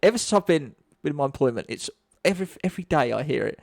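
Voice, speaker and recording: A man's voice: a little high, expressive, fast talker, vocal fry, darkish tone. A man co-hosting a podcast in casual chat, joking dryly and laughing often. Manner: playful, laughs often, dry jokes. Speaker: podcast co-host.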